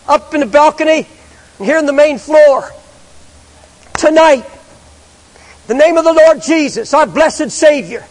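A male pastor preaching in a large church, his voice pitched very high and ringing with long reverb. He pleads and presses, often repeating words as he drives his sermon home. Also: darkish tone. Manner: fervent, pleading preaching with repetitions.

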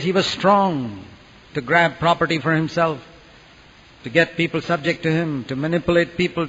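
A man preaching a sermon with earnest, dramatic swings from hushed to loud. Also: on the high side, gravelly, slightly rough. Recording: dull echoey hall recording.

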